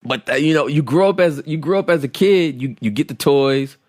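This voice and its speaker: A man's voice: a little high, lively intonation, a little fast, darkish tone, no room sound, studio quality. A man in his thirties co-hosting a casual podcast chat, blunt and opinionated, often repeating himself. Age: 30s. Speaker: podcast co-host.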